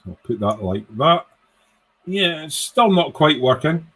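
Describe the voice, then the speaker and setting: A man's voice: on the high side, sing-song, unhurried, fairly bright tone, breathy edge. Cheeky man rambling on stream. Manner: rambling and cheeky, swears freely, reads viewer comments aloud. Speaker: live-stream host. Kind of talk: casual live-stream chat.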